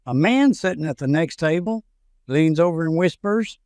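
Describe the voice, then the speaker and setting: A man narrating a string of scripted jokes in a steady storytelling delivery. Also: fairly high pitch, moderate pace, no room sound, studio quality. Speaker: joke narrator.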